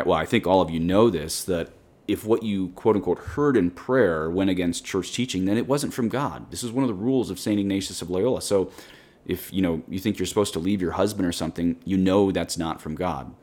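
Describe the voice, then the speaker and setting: A man with a very low voice teaches on prayer as a priest hosting his own podcast. He speaks in an earnest, direct and plain-spoken way, as if chatting with his listeners. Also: a little mellow. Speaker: Catholic priest and podcast host. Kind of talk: conversational spiritual teaching.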